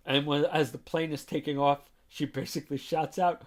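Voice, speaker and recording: A man's voice: a little high, fairly even intonation, moderate pace, few pauses. A man hosting a podcast, giving a chatty, rambling recap of a manga chapter and adding his own commentary. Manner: chatty, rambling, with frequent "like" and "you know".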